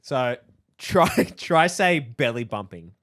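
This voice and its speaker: A man's voice: medium pitch, lively intonation, slow, fairly bright tone, no room sound, studio quality. A man, laughing often as he co-hosts a casual podcast chat. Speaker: podcast co-host.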